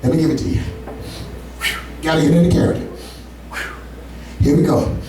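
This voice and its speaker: A man's voice: on the high side, normal speed, long pauses, mellow. A man doing a stand-up comedy set, telling loose, profane stories with asides to the audience. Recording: echoey room, far from mic.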